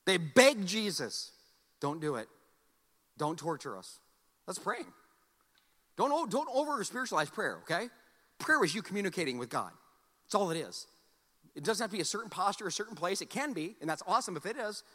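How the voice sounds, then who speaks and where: A man preaching in a high, animated voice that swings widely in pitch. His tone is bright and forceful, and the sound carries the long reverb of a big church hall. He keeps a loose, joking delivery and repeats words as he restarts. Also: fairly quick. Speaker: pastor. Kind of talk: sermon.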